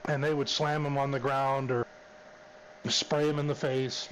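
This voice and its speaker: A man's voice: medium pitch, level tone, measured pace, a bit bright, a little hiss or hum, low-quality recording. A man, a former police officer, casually telling a story, drawling and repeating "I said" and "she's like".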